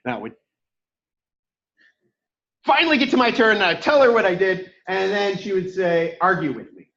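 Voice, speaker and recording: Boisterous, loud man teaching with stories. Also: high-pitched, expressive, normal speed. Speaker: instructor. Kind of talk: online workshop talk with personal stories. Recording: echoey room, dull lo-fi sound.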